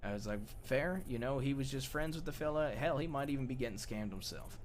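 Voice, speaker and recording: A young man telling a rough, profane outlaw story in character during a roleplay game, sinking low and quiet at the grim parts. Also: animated, a little fast, slight background noise.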